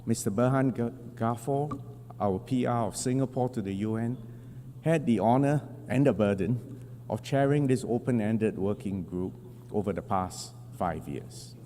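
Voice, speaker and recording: Man giving a measured formal speech. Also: medium pitch, dark tone, long reverb tail, slight background noise. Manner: measured, emphatic, with deliberate pauses. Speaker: government delegate addressing the UN General Assembly. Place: large assembly hall.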